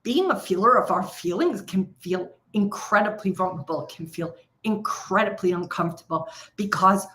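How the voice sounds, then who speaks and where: A woman's voice: mid-range voice, fairly bright tone. A middle-aged woman leading a live coaching session, speaking directly to viewers and stretching out key phrases for emphasis. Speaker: trading coach.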